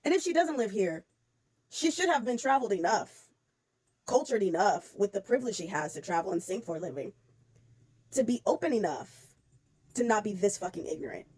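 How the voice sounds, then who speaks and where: A woman delivering a blunt, profanity-laced rant straight to camera. She sits at a middle pitch for a woman and talks with animated exasperation, repeating herself for emphasis and leaning hard on her words. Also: brisk, pauses often, breathy edge. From United States. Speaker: vlogger. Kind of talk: casual commentary rant.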